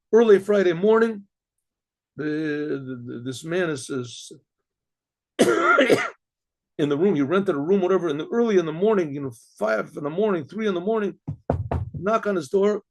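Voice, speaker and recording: A middle-aged rabbi telling a story aloud, with frequent throat clearing and many repeated, restarted words. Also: male voice, high voice, big pitch swings, unhurried, pauses often. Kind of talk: spoken story narration.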